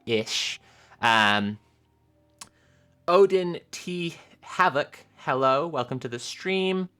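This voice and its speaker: A woman streamer chatting casually with her viewers, animated and giggly, rambling with lots of filler sounds. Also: sits low, extremely slow. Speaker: live streamer.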